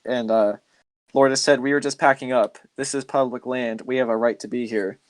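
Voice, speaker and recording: A man's voice: mid-range voice, fairly even intonation, normal speed, dry recording. A man hosting a podcast, telling a story in a loose, rambling way with lots of filler words. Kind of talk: casual storytelling chat.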